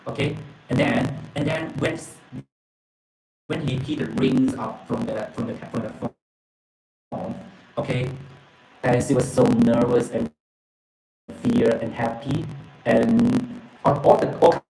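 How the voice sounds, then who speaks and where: Halting, gravelly man retelling a story. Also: medium pitch, a little mellow, roomy sound, rough recording. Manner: halting, repeats words, fills with okay and yeah. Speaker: presenter retelling a book's story. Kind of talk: casual storytelling and reading aloud.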